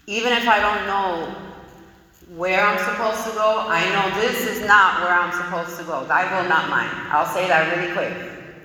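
A woman's voice: on the low side, pushed and bright, far from the mic. A woman sharing her recovery story in a frank, conversational way, with many casual fillers. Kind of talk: personal testimony talk. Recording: echoey hall with long reverb.

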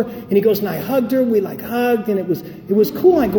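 Recorded in an echoey hall with a little hiss or hum, a recovery speaker delivers an emphatic talk full of stories and acted-out dialogue. His voice sits high yet has a dark tone, and he speaks fast.

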